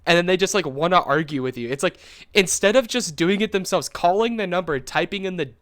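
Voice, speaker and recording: Young man, rambling casual storyteller, slightly high voice, dry close sound, lots of fillers. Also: fairly quick, dry recording. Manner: animated, rambling, full of fillers and laughs. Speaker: podcast co-host.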